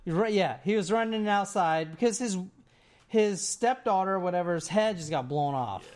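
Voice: medium pitch, moderate pace, a little mellow. A person telling a story to friends in a casual, rambling way, with many "like"s and "right?"s.

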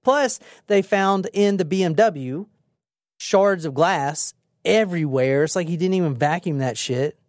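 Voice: medium pitch, unhurried, dry recording, clean studio sound. A podcast co-host retelling a true crime case in a casual, dramatic way, with frequent swearing. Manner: animated, profane, dramatic retelling.

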